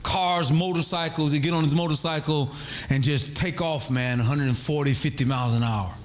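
A middle-aged man, a pastor telling a story in a sermon, animated and prone to high excited cries. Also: moderate pace.

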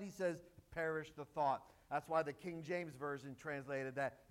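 High-voiced, slow-paced man preaching. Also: fairly even intonation. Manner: emphatic, joking asides to the congregation. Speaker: pastor. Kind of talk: sermon.

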